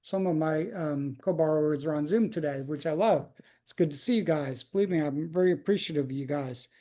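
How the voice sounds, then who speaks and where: A man's voice: fairly high pitch, brisk, dark tone. A man hosting an online roundtable, talking in a loose, chatty way with plenty of fillers. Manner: loose, chatty, lots of likes and ums. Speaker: host. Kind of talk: casual webinar talk.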